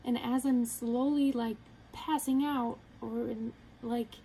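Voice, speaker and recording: A young woman earnestly telling a personal story to the camera, halting and quoting her own thoughts. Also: on the high side, steady tone, dark tone, a little hiss or hum, low-quality recording. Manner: earnest, halting, retelling with quoted inner thoughts. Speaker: vlogger.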